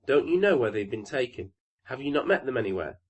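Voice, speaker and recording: A man's voice: mid-range voice, big pitch swings, a little fast. A man voicing a young fir tree in a storybook reading, eager and full of longing questions.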